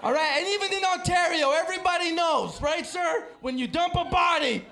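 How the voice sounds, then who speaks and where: A man from El Salvador doing a stand-up comedy set, brash and punchy, shouting his punchlines to the crowd. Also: extremely high pitch, brisk, vocal fry. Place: comedy club stage with live audience.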